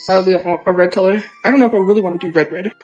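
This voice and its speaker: Young male livestreamer, high and quick, defensive and rambling, phone mic, faint music. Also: darkish tone, dull audio. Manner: defensive, rambling, talks back to viewer comments. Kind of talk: casual livestream chat.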